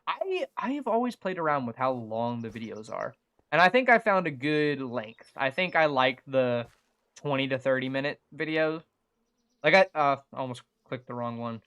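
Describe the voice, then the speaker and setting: A young man with a mild Southern American accent talks through a game livestream in a loose, rambling way, stopping and restarting his thoughts. His voice sits at a middling pitch with a bright, forward edge. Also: sing-song, normal speed, smooth. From Southern United States. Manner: rambling, chatty, many fillers and restarts. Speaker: gaming livestreamer. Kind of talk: casual livestream chat while playing.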